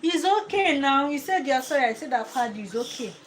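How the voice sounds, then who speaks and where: A woman's voice: high voice, lively intonation, brisk, poor audio. A woman chatting casually at home in her vlog, scolding her child between remarks. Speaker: vlogger. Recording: loud ambient noise.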